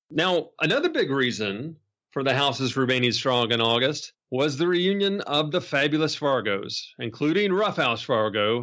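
A man's voice: mid-range voice, fairly bright tone. A man hosting a wrestling history podcast, telling stories with enthusiasm. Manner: enthusiastic storytelling. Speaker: podcast host.

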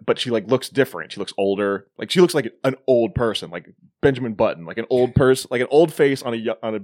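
Animated man retelling a movie. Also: medium pitch, fast talker, no echo, clean studio sound. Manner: animated retelling, mimics characters in quoted bits. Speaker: podcast co-host. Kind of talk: casual movie review chat.

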